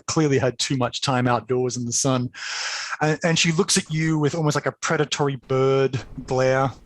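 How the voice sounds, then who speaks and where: A man's voice: medium pitch, fairly bright tone, dry recording. A man narrating a tabletop role-playing game as game master, chatty and laughing, with many fillers.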